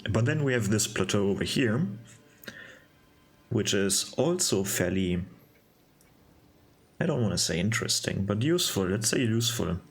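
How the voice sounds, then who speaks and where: A young man giving casual gameplay commentary, musing aloud in a relaxed way with hesitant restarts. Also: on the low side, normal speed, pauses often, slightly rough. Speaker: game video narrator.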